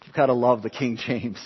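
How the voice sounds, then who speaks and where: Husky preacher in an echoing hall. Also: male voice, medium pitch. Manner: dramatic, swinging from hushed to loud and emphatic. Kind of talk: sermon. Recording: long hall reverb, dull lo-fi sound.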